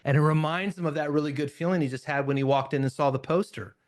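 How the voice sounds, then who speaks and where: A man's voice: a little high, fast talker. A man teaching confidence techniques as an NLP trainer at a live seminar, speaking conversationally and acting out short examples in changing tones. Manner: energetic, conversational, acts out examples in varied tones.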